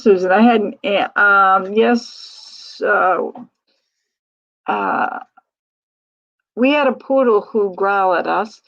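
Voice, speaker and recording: An older woman from Maine chats away on a home livestream, reading out viewer comments and wandering into long stories. Her voice sits at an ordinary middle pitch. The audio is dull and lo-fi, like a phone or webcam mic. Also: vocal fry. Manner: chatty, reads viewer comments aloud, rambling storytelling. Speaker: livestream host. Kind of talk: casual livestream chat.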